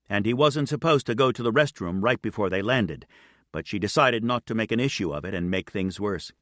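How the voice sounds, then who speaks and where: A man narrating a novel in an even, measured reading. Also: fairly low pitch, no room sound, studio quality. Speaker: audiobook narrator. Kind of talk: scripted narration.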